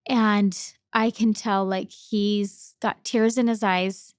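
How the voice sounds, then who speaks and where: A young woman telling a personal story on a podcast, emotional and halting, repeating her words as feeling comes up. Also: mid-range voice, flat delivery, no echo, studio quality. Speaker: podcast guest.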